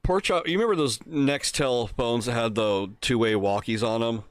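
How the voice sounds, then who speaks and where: A man's voice: mid-range voice, moderate pace, smooth, dry recording. A man from Pennsylvania telling a profane prank story on a casual podcast, laughing as he goes. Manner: profane, laughs through his own story. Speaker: podcast co-host.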